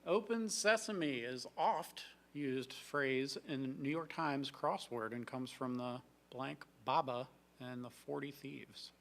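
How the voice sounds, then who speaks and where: A man's voice: medium pitch, slow pace, gravelly, few pauses. A man co-hosting a live trivia show, reading out fun facts and chatting between questions. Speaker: trivia co-host.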